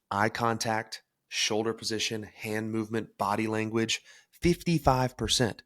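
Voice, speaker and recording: A man's voice: fairly low pitch, a bit bright, no echo, studio quality. A young man hosting a solo podcast, talking energetically and emphatically about self-improvement. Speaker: podcast host.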